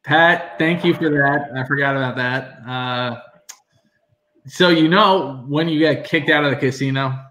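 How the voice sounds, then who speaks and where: A man's voice: medium pitch, a little slow, pushed and bright, slight background noise, low-quality recording. A man appearing as a guest on a live stream, chatting and joking playfully. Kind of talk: casual live-stream chat.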